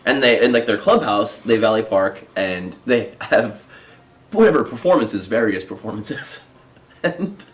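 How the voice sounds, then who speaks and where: A man's voice: fairly low pitch, expressive, measured pace. A man hosting a podcast in casual chat, telling a story with mimicked voices and hearty laughs. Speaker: podcast host.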